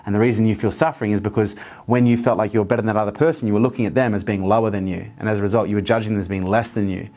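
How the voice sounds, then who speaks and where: On the low side and a little mellow, this man's voice stays fairly even while he talks very fast. He's an earnest interview guest sharing motivational stories, with repetitive phrasing throughout.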